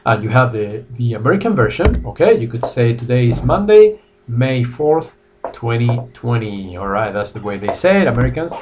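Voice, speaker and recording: A man's voice: mid-range voice, lively intonation, normal speed, highs cut off, background noise. A middle-aged man giving a live online English lesson, upbeat, repeating key phrases and greeting viewers by name. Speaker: English teacher. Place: academy in Madrid.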